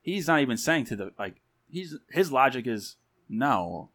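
Man, podcast co-host, laid-back slangy chat, halting, average pitch. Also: lively intonation, a bit bright, no room sound, clean studio sound. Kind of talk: casual chat.

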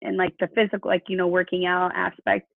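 A woman's gravelly voice comes through a narrow, phone-like line with no room sound at all. She is chatty and self-deprecating as she explains her routines, and she laughs at herself often. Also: on the low side, monotone, quick pace, dry recording. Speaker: coaching client. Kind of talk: phone conversation.

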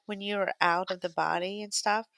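A woman hosting an interview with a gravelly texture in her mid-range voice. She asks questions in a friendly, encouraging way and answers with short sounds of agreement. The recording is dry. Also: mid-range voice, steady tone, normal speed, fairly bright tone, no echo. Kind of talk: casual interview.

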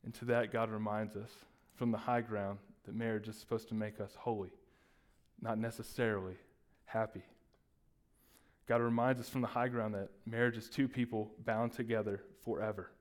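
A man's voice: on the low side, moderate pace. A man preaching a sermon, acting out the disciples' lines as he retells the story. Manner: animated, acts out the disciples' voices. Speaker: pastor.

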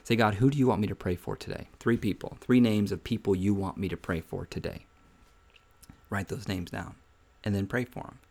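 Low-voiced guy preaching a devotional podcast, earnest and pushy, repeats stuff, keeps saying man. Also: fairly even intonation, brisk, gravelly, a little mellow. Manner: earnest, exhorting, repeats phrases for emphasis; conversational, often says "man". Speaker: podcast host giving a devotional.

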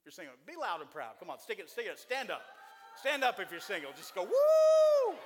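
A man in his forties preaching a sermon to a church congregation, folksy and joking, with animated delivery. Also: high voice, fast talker, in a large hall, a loud crowd. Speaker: pastor.

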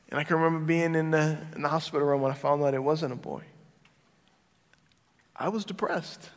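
A man's voice: on the high side, fairly even intonation, moderate pace. Earnest man preaching in a reverberant hall. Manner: earnest storytelling, drops soft and quiet at emotional moments. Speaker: pastor. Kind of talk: sermon testimony. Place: church sanctuary. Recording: large hall with long reverb and music behind.

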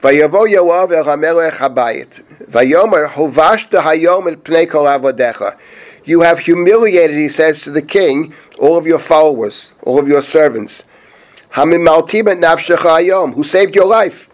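A middle-aged man, a rabbi, teaching a Bible chapter, reading Hebrew verses slowly and then translating and explaining them. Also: fairly high pitch. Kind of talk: spoken Bible lesson.

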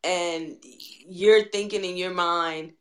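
A speaker in casual talk, telling a story in an animated and emphatic way, with a voice at middle pitch. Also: slow pace. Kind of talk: casual conversation.

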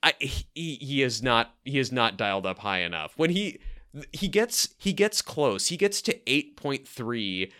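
A podcast co-host speaks in a medium-pitched male voice that is very animated, pushed and bright, at a measured pace. He chats casually, rambling and correcting himself, and laughs often.

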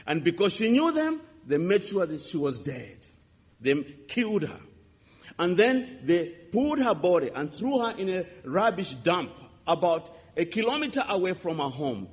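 A man preaching a sermon, telling a testimony with impassioned swings between loud and hushed delivery. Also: high-pitched, big pitch swings, moderate pace, breathy edge. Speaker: pastor. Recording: reverberant hall.

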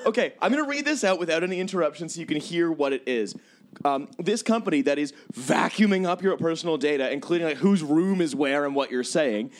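Sarcastic guy reading stuff out on a podcast, a bit high. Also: animated, a little fast. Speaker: podcast co-host. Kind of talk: casual chat, reading out web copy.

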